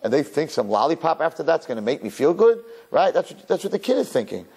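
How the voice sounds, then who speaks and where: A rabbi delivers a sermon in a lively, storytelling style. His voice sits fairly high and swings widely as he talks. His tone is husky. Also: fast talker. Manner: animated storyteller who acts out his characters.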